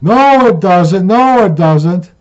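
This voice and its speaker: A man's voice: sits high, huge pitch swings, moderate pace, warm tone, pitched above the performer's own voice, full character voice. A man putting on a stubborn, indignant girlfriend. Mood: insistent. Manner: insistent, argumentative. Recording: dull lo-fi sound.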